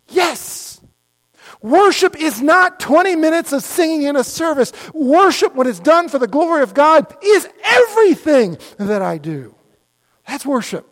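A middle-aged male pastor giving an animated, conversational sermon full of mock dialogues. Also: extremely high pitch, measured pace.

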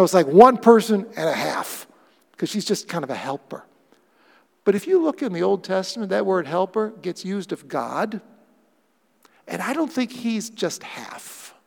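A man preaching a sermon as pastor, animated, acting out quoted lines with playful voices. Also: high-pitched, creaky, in a large hall.

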